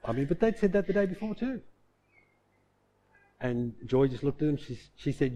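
A man preaching a sermon, telling a story and swinging from loud bursts to hushed tones. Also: on the high side, big pitch swings, normal speed, pauses often. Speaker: pastor.

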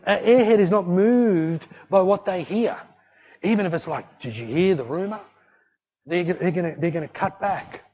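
Animated preacher, dull lo-fi sound. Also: male voice, high-pitched, moderate pace. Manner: conversational, animated, acts out voices in anecdotes. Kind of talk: sermon. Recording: dull lo-fi recording.

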